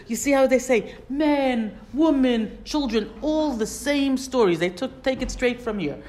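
A woman's voice: high voice, animated, unhurried, hardly any pauses, a little mellow. A woman teaching a Torah study class. She reads Hebrew phrases, translates them and asks questions as she explains.

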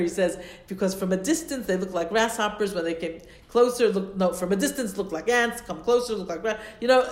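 A woman teaching a classroom Bible lesson, explaining step by step, translating Hebrew terms as she goes and pausing to search her notes. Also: on the low side, darkish tone, slight background noise.

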